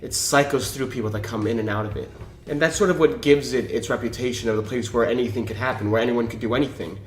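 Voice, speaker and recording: A man's voice: mid-range voice, fast. A man co-hosting an interview, chatting casually with wry, joking asides. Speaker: co-host. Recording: roomy sound with background music.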